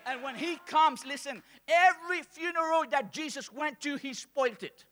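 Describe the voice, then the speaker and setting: High-voiced preaching pastor, man. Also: normal speed. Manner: call-and-response preaching, swings from soft to shouting. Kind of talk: sermon. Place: church hall with congregation.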